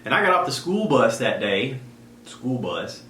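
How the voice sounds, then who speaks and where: A man with a drawl spins a personal story for his podcast, animated and quick to slip into the voices of the people he describes. His tone is bright and forceful. The sound is echoey, with a faint hum of ambience behind him. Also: medium pitch. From South Carolina. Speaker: podcast host.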